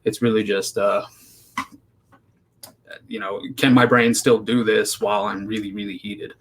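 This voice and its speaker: A man's voice: on the low side, flat delivery, a little slow. A man from the United States answering interview questions in a matter-of-fact, analytical way. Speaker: guest. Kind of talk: casual interview talk.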